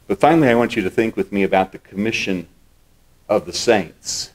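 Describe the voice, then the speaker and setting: A man's voice: fairly low pitch, expressive, a little fast. A man preaching a sermon as pastor. He explains scripture step by step and repeats key words for emphasis.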